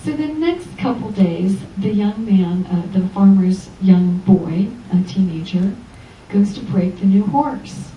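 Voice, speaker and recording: A woman spiritual teacher delivers an inspirational Sunday lecture in a church hall, telling a parable and playing out its characters' voices. Her tone is very dark and mellow. She is heard from a distance, with a roomy echo and faint background noise. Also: mid-range voice, slow pace. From Los Angeles. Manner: animated storytelling, acting out quoted voices. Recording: echoey church hall from far off.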